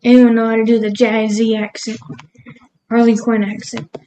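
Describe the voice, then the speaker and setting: A woman's voice: a little high, level tone, normal speed, warm tone, slight background noise, rough recording. A woman cooking in her home kitchen, rambling casually and laughing at herself as she talks through her recipe. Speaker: cooking vlogger. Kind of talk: casual cooking vlog chat.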